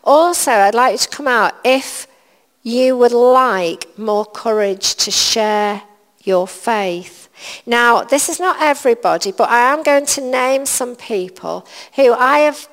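A woman preaches to her congregation in a slightly high voice, taking her time over every phrase. She is earnest and repeats short lines to drive them home. Her words ring out with the long echo of a large church hall. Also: lively intonation, takes it slowly. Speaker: church leader. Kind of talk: sermon.

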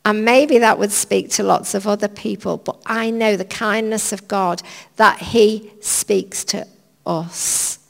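Slow, gravelly woman preaching in a hall. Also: a little high. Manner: chatty, anecdotal and gently humorous. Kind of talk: informal sermon. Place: large church hall. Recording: long reverb of a church hall.

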